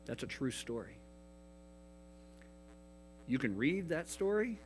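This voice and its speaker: A man delivers a youth sermon, earnest and direct. He drops to a hush, then rises to emphatic, and his voice sits in the middle range. Gentle guitar plays faintly behind him. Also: mid-range voice, sing-song, slow, rough recording. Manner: earnest, swings between hushed and emphatic. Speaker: youth pastor.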